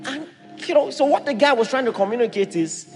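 A Nigerian man preaches with a high voice and swings hard between low and soft. He acts out the people in his stories as he talks, and the sound rings through a large hall with soft music underneath. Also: lively intonation, a little fast. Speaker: pastor. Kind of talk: sermon.

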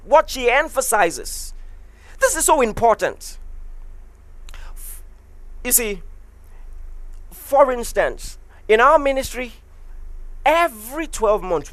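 A pastor delivers an emphatic sermon, swinging the voice high and low with great liveliness. Key phrases come back again and again for stress. The sound is close and dry, with no room around it. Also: dry recording.

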